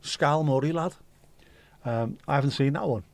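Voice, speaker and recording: A man hosts a relaxed livestream, rambling through viewer comments and swearing casually. His ordinary middle-pitched voice carries some vocal fry at a moderate pace, and the sound is close and dry with no room echo.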